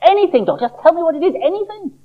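Reader doing a jumpy high little seed guy, begging and excited, muffled audio. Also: fast talker. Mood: eager. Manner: excitable, pleading. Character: anxious restless young male seed. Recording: dull lo-fi recording.

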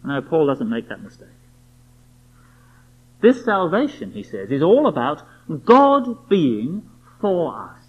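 A man's voice: fairly high pitch, wildly swooping pitch, takes it slowly, breathy edge. A man preaching a sermon, emphatic and full of rhetorical questions aimed at the listener. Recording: dull lo-fi recording.

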